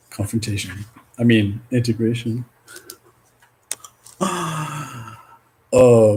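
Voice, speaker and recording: A man's voice: on the low side, a little hiss or hum, rough recording. Rambling, swearing man reading cards. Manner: rambling, swears, laughs, swings from loud to soft. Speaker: spiritual card reader. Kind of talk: casual spiritual vlog, reading oracle cards.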